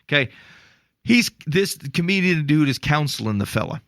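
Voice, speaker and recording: On a casual faith podcast, a co-host with a gravelly, slightly fried, somewhat high voice talks through stories at normal speed, growing worked up and exasperated. His animated delivery is full of restarts and filler words, recorded dry and close to the mic with no echo.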